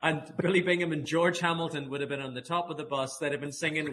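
A man guest on a podcast, retelling football memories in lively casual chat full of restarts and laughter. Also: on the high side, brisk, hardly any pauses, a little hiss or hum. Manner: lively storyteller, many restarts, frequent laughs.

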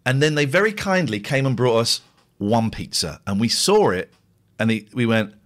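Chatty middle-aged English radio host. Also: male voice, medium pitch, animated, moderate pace, fairly bright tone. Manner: rambling, chatty, jokey. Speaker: radio host reading listener messages. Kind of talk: casual chat.

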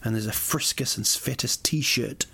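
Gravelly-voiced man rambling on a podcast. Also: medium pitch, unhurried, sharp tone, no room sound. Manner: rambling, jokey, playful asides. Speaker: podcast host. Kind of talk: rambling solo podcast monologue. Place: lives in Sweden.

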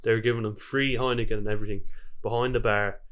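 A man's voice: lowish voice, little pitch movement, fast, a bit bright. A young man co-hosting a football podcast, telling stories in a dry, rambling way. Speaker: podcast co-host. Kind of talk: casual football podcast chat.

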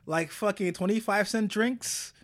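A man co-hosting a casual comedic chat, joking and quick, often stammering and restarting his sentences. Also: sits high, a bit bright. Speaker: podcast co-host.

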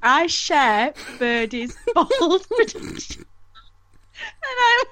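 A woman's voice: very high-pitched, sing-song, extremely slow, a bit bright, no echo. A woman co-hosting a podcast, giggling and apologetic as she talks. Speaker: podcast co-host. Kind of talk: casual chat.

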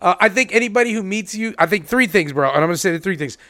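A man's voice: high voice, animated, racing, a bit bright, no room sound, clean studio sound. A man chatting casually, telling teasing anecdotes and laughing often. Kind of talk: casual chat.

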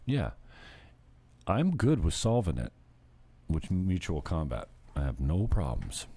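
A man's voice: sits low, huge pitch swings, slow, mellow, slight background noise. A male show host ranting casually, blunt, profane and mocking. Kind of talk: casual crude comedy rant.

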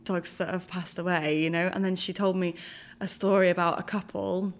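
A woman co-hosting a podcast, chatting casually and telling a story with animated retold quotes and frequent laughter. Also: fairly low pitch, moderate pace. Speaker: podcast co-host. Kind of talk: casual chat.

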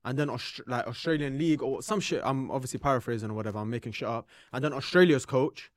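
A man's voice: medium pitch, quick pace, no room sound, studio quality. A young man, co-hosting a casual podcast, rambling loosely and swearing freely. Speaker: podcast co-host. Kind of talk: casual banter.

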